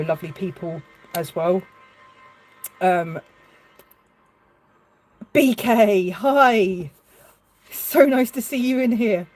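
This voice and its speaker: This livestreaming artist, an adult woman with a child, chats while painting in a voice that sits low and a little mellow. Her talk is hesitant and full of fillers and restarts, she is tearful at moments, and the recording quality is low.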